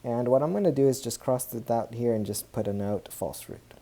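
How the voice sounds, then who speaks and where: A man's voice: medium pitch, brisk, dark tone. A man teaching a math lesson over a tablet screen recording, chatting as he works, correcting himself and cheering when things go right. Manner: chatty, self-correcting, upbeat exclamations.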